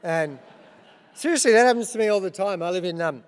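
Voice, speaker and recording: A man's voice: high-pitched, animated, fairly quick, clean tone. Wry Australian man hosting in a big hall. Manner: self-deprecating storytelling with dry punchlines. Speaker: awards host. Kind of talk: comic opening speech.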